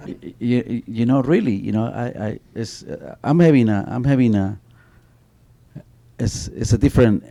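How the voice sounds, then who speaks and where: Warm-voiced man telling stories on a panel. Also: medium pitch, moderate pace, vocal fry. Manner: animated, many restarts and repeated "you know". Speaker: author on a book panel. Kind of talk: panel talk with spoken storytelling.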